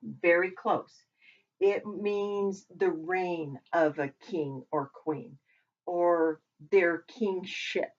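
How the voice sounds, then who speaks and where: A woman teaching a language lesson who talks while she writes, pausing and correcting herself as she goes. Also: fairly low pitch. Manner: talks while writing, with pauses and self-corrections. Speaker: Hebrew teacher. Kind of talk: slow, patient lesson at a whiteboard. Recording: dull lo-fi recording.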